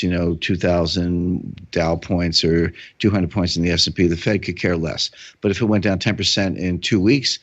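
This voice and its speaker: A man's voice: deep voice, highs cut off. A man answering interview questions in a podcast, explaining step by step with frequent fillers and restarts. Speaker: guest economic commentator.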